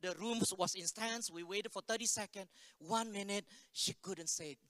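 Bright-voiced pastor telling a story. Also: male voice, high voice, moderate pace, dry recording. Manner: conversational, asks the congregation questions. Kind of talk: unscripted sermon told as a story.

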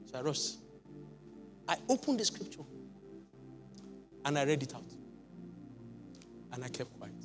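A middle-aged man, a pastor preaching a sermon, telling his own testimony with loud exclamations, quiet asides and frequent laughter. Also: mid-range voice, very animated, unhurried, long pauses, faint music behind.

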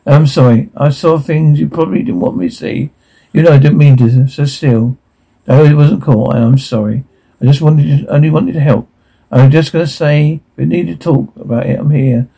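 A man reads a drama script aloud, stage directions and all, taking every part himself. His voice sits a little high for a man, yet it is dark and mellow in tone. It is thick with gravel and has a husky edge. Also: normal speed, poor audio.

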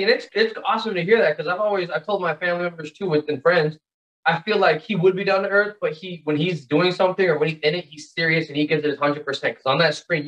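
A young man from the Pacific Northwest talks as a guest on a podcast, telling stories with a lot of fillers and excitement. His voice sits a bit high, and the recording sounds dull and lo-fi. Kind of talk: casual chat.

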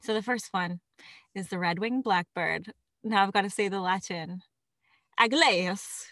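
A woman's voice: medium pitch, fairly even intonation, normal speed, a bit bright, dry recording. A woman co-hosting a casual podcast, talking about birds with lots of laughter and enthusiasm. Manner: giggly, enthusiastic. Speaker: podcast co-host.

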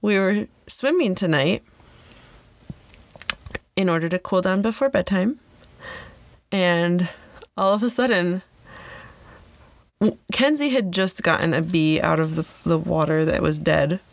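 A woman's voice: fairly low pitch, measured pace, creaky, long pauses, no room sound. A woman in her thirties co-hosting a casual podcast from a small closet, telling a story and acting out what others said. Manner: animated storyteller, acts out quotes. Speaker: podcast co-host. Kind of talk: casual chat.

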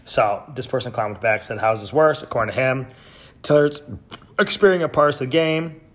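A man hosting a podcast, reading out tweets with sarcastic, mocking commentary and sudden loud yells. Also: mid-range voice, a little fast. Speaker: podcast host.

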